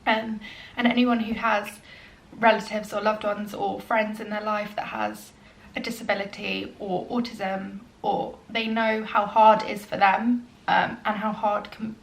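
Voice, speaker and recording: A young adult woman talking casually through a get-to-know-me Q&A, earnest and chatty with frequent ums, sometimes soft and emotional. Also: mid-range voice, flat delivery, a little slow, creaky, reverberant. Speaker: vlogger.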